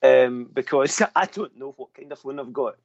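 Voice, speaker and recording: A man's voice: medium pitch, normal speed, vocal fry, lo-fi sound. A man co-hosting a podcast, chatting casually with self-deprecating, rambling asides and frequent chuckles. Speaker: podcast co-host. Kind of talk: casual chat.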